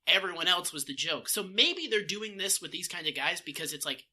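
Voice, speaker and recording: A man co-hosting a podcast in casual chat, animated and swearing, slipping into mock voices. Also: high voice, fairly quick, few pauses. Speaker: podcast co-host.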